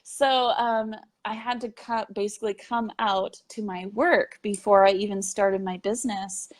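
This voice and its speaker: A woman's voice: medium pitch, steady tone, moderate pace. A young woman in a casual interview, telling her story of becoming a medium in a chatty way, with plenty of fillers and little laughs.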